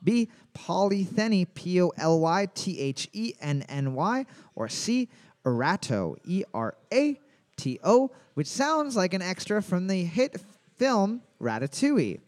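Male trivia podcast host, high and animated, crude banter. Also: measured pace. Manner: jokey, swearing, reads questions twice. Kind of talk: casual trivia podcast hosting.

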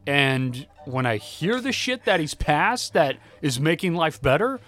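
Animated storytelling male podcast host. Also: a little high, unhurried, soft background music. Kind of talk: casual chat.

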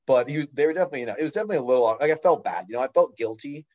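A man's voice: fairly high pitch, animated, very fast, dark tone. Young male podcast co-host, rambling casual talker, slightly muffled lo-fi recording. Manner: rambling, lots of fillers and restarts. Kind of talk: casual chat.

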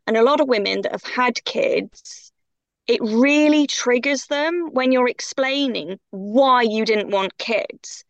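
A woman's voice: on the high side, gravelly, no room sound. A woman guest on a podcast, talking in an impassioned, emphatic way. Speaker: guest coach. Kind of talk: podcast conversation.

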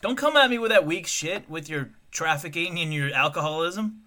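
A man hosting a podcast with a bright, sharp voice that jumps all over in pitch. He trades crude, profane jokes in casual chat and laughs often. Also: animated, moderate pace. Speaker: podcast host.

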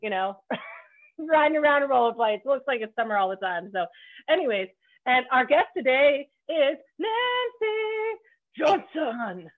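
Upbeat woman podcast host from Canada, fairly high voice, loose and joking, cheerfully profane, tinny narrow line. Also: animated, moderate pace. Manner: bubbly, joking, swears freely. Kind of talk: casual podcast chat. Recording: phone-like narrow band.

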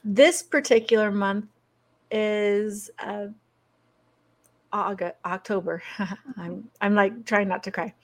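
Animated storytelling middle-aged woman. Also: medium pitch, slow pace, long pauses. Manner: animated, laughs often while telling stories. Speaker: guest. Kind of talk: conversational storytelling.

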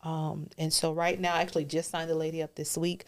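Gravelly woman telling a heartfelt story. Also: deep voice, level tone, fairly quick. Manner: earnest, emotional, drops to a whisper at key moments. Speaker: guest.

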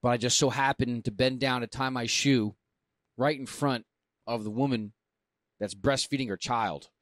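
A man's voice: mid-range voice, normal speed, no echo. A man co-hosting a podcast, telling stories in casual chat. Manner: animated storyteller. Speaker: podcast co-host.

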